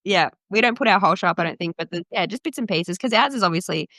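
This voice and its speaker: Gravelly Australian woman, candid chat. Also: on the low side, lively intonation, sharp tone, no echo. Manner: chatty and candid, quick asides and laughs. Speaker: radio presenter and podcast guest. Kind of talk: casual interview chat.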